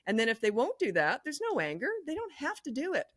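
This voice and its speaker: A middle-aged woman giving blunt, no-nonsense parenting advice as a podcast guest, telling lively stories. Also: high voice, quick pace. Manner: lively, acts out quoted voices. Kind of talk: podcast interview.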